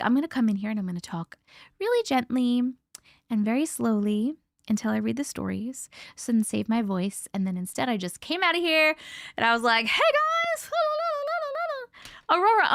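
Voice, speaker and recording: A woman with a naturally high voice hosts a casual live chat, bubbly and quick to laugh. Her pitch leaps up and down with lively swings. The sound is close and dry, with no room echo. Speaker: livestream host.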